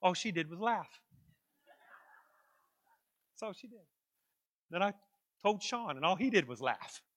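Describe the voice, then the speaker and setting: A pastor with a high, bright voice spins a lively tale for his congregation and keeps breaking into chuckles and asides. The sound is dry and close, with no room around it. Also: a little slow, pauses often, no room sound. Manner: animated, chuckling anecdote telling with asides to the congregation. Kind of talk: storytelling sermon.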